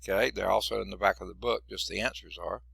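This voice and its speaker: A man's voice: deep voice, fast talker, vocal fry, fairly bright tone, slightly rough, no echo. A man teaching a math class in a folksy, chatty way, quizzing students and noting he is losing his voice. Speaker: math instructor. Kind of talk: classroom lecture.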